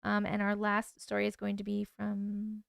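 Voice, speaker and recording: A woman's voice: mid-range voice, monotone, normal speed, gravelly, no echo, clean studio sound. A woman hosting a late-night livestream, chatting sleepily with her viewers, swearing and yawning as she reacts to their stories. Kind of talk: casual livestream chat.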